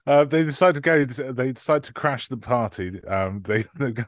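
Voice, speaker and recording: A man's voice: mid-range voice, expressive, moderate pace, dry recording. Laughing man recapping a film, dry sound. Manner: laughs often, hesitant with fillers. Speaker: podcast host. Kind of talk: casual film recap chat.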